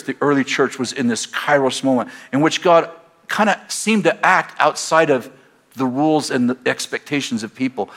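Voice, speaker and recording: A middle-aged American man preaching a sermon in a church, telling stories and building to loud exhortation. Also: mid-range voice. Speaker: pastor. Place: church sanctuary. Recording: faint crowd in a church. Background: congregation.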